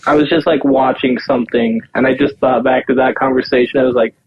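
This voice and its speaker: A man's voice: mid-range voice, steady tone, a little fast, lo-fi sound, noisy background. A man co-hosting a podcast, talking hesitantly with fillers in casual chat with friends. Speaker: podcast co-host.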